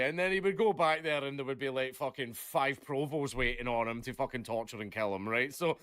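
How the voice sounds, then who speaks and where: A man's voice: medium pitch, a little fast, few pauses, fairly bright tone, clear, resonant tone, no room sound, studio quality. Rambling man ranting with lots of swearing. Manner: rambling, leans on "basically" and "right?", swears a lot. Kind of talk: casual ranting chat.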